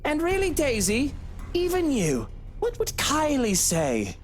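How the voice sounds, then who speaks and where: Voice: high voice, huge pitch swings, slow pace, a little hiss or hum, heavily acted. An actor voicing a smug, menacing male villain in a horror visual novel, speaking in a sarcastic, mock-friendly manner. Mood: mock-scolding.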